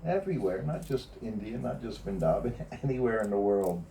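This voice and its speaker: A former personal servant shares memories with a small group, casually telling anecdotes and laughing often. His voice is on the low side, a little fast and gravelly, and he quotes others in lively asides. A phone or camera captures him from a distance, adding a little hiss or hum.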